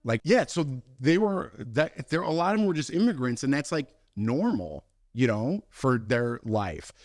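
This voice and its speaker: A young man co-hosting a podcast, telling a story with lively acted-out voices and frequent laughs. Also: mid-range voice, unhurried, dry recording, studio quality. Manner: animated storyteller, acts out voices, laughs often. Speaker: podcast co-host. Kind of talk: casual storytelling chat.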